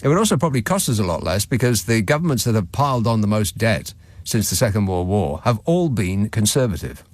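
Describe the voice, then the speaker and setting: A man hosting a radio phone-in, his delivery sardonic and laced with chuckles as he reads listeners' messages aloud. His pitch moves a lot, rising and falling for emphasis. He speaks close to a studio mic in a dry, dead room. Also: very animated, fairly quick, dry recording. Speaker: radio talk show host. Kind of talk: late-night radio phone-in monologue. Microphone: studio microphone.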